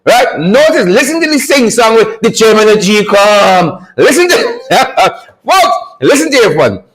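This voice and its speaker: A man's voice: sits high, very animated, unhurried, a bit bright, poor audio. A man hosting a political commentary livestream, mocking and repetitive in his delivery. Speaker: livestream host.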